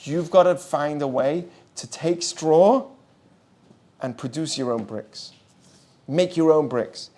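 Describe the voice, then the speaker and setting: A man's voice: fairly high pitch, slow, warm tone. A man voicing a scornful, arrogant male Pharaoh who gives orders in a dismissive tone.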